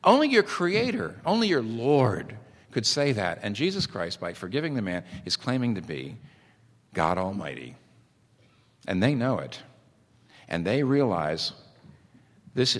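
Male pastor, lowish voice, lively swinging delivery, long hall reverb. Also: moderate pace. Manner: earnest, animated preaching with vivid storytelling. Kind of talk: sermon.

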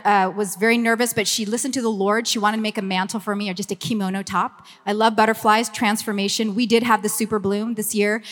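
A woman's voice: a little high, a bit bright. A woman in her fifties with a Southern Californian Valley Girl accent, talking chattily and effusively to a church gathering and then praying. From Los Angeles, USA. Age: 50s. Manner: bubbly, effusive, chatty with frequent "like". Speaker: ministry communications director. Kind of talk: church meeting talk and prayer. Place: church meeting room. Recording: long reverb of a hall.

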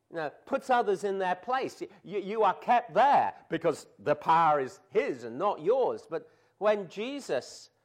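A man preaches a sermon at an unhurried pace, weighing each phrase. His voice sits high for a man. He sinks to near-whispers on solemn words and swells on emphatic declarations. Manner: slow, deliberate preaching with dramatic drops to a hush and emphatic rises.

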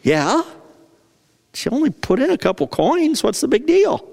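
Casual, wide-eyed disciples, as a preacher puts them on, talking in a slightly high voice. They sound impressed and questioning. A long reverb from a large hall trails each word. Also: male voice, wildly swooping pitch, normal speed, creaky, heavily acted. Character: impressed, puzzled male disciples.

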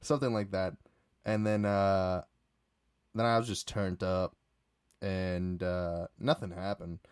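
Rambling man with a low, dry voice. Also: little pitch movement, takes it slowly, smooth, no room sound. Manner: rambling, many fillers and restarts. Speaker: podcast host. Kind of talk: casual solo storytelling.

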